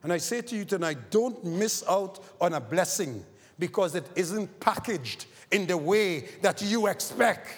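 A man's voice: lively intonation, unhurried, slightly rough. Man preaching in a reverberant hall. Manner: preaching with sweeping rises and falls in pitch and loudness. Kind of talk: sermon.

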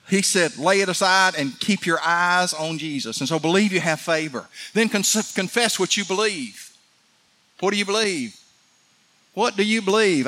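A middle-aged man preaching a fervent sermon, building to excited peaks. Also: fairly high pitch. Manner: fervent, rising to shouts of excitement. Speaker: pastor.

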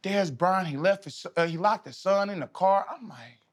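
A man in his thirties, a podcast guest, telling stories in a casual, animated, slangy way, often laughing. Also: high-pitched, normal speed. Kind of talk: casual storytelling.

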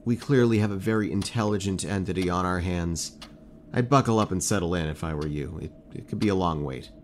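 A man's voice: sits low, slight background noise, close to an everyday voice. A man playing a cautious, patient young man who warns his friends in an audio drama. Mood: calm. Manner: calm, warning, measured.

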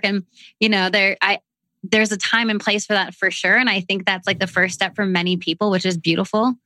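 A woman in her thirties with a Canadian accent, chatting casually and then slowly guiding a breathing exercise in a soothing voice. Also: mid-range voice, fairly even intonation, sharp tone, no room sound. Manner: slow, soothing guidance with long pauses. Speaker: breathwork guest. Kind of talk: casual chat and guided breathwork.

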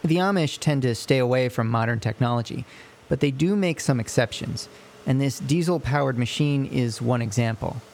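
A man narrating a radio news feature in a measured, scripted reporting style. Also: mid-range voice, vocal fry, darkish tone, slight background noise.

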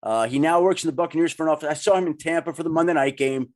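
A man hosting a sports podcast, talking in an animated, emphatic and excitable way. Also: fairly high pitch, racing. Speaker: podcast host. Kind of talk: casual sports chat.

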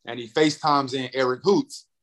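Young male comic guest, lively storyteller who acts out dialogue. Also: moderate pace, rough recording. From North Carolina. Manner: animated, acts out quotes with big pitch jumps. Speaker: comedian and radio host, guest. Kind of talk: casual interview storytelling.

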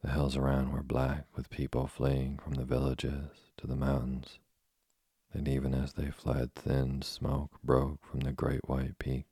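A man narrating a storybook in a steady, measured reading. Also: rumbling low, breathy edge, no room sound, studio quality. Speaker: audiobook narrator.

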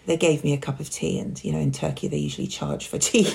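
A woman speaks as a podcast guest, her voice low and edged with gravel. She tells her own story openly, taking her time to reflect. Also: sing-song, fairly quick, few pauses, a little mellow. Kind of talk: personal conversation.

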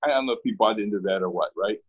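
A man's voice: lowish voice, very fast, slightly rough, narrow, tinny audio. A man from Pittsburgh, a guest in an interview, telling a story in a casual way and acting out both sides of the dialogue.

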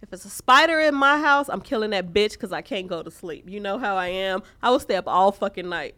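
A woman of ordinary pitch co-hosts a casual podcast chat. She tells stories in an animated, profane, laughing way, with a steady middle-range voice. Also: brisk, no room sound. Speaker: podcast co-host.

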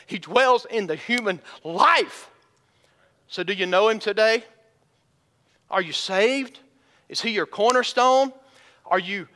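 Man, pastor, sermon, high bright voice, long hall reverb, questions to congregation. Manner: preaching with rhetorical questions to the congregation.

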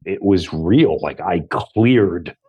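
A man in his fifties from Long Island, a comedian telling a story in casual chat, animated, acting out other people's voices, swearing and laughing often. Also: deep voice, slow, husky, muffled recording. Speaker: comedian guest.

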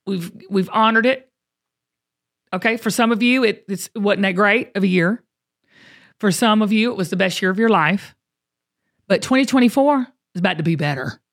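A woman's voice: medium pitch, moderate pace, long pauses, no echo, clean studio sound. A middle-aged woman, hosting a casual chat and talking in an upbeat, motivational way. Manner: upbeat, motivational, uses y'all. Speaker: show host.

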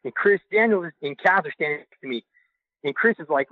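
A young man tells a story fast and eagerly, full of casual slang. He is calling in, so his voice comes through a tinny phone line. The sound is dry and close. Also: a little high, dry recording. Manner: excited, quick, loose slang. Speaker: podcast caller sharing a story. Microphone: phone call.

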